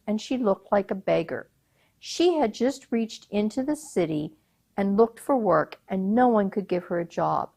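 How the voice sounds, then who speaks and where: Slow, expressive woman storyteller. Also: medium pitch. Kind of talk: oral storytelling at a public event.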